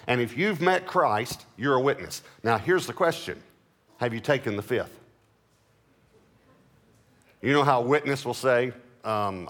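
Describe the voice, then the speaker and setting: Man preaching with emphatic slow-downs. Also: mid-range voice, a bit bright. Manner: emphatic preaching, slowing and rising on key words; reads scripture aloud between explanations. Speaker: pastor. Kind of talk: sermon.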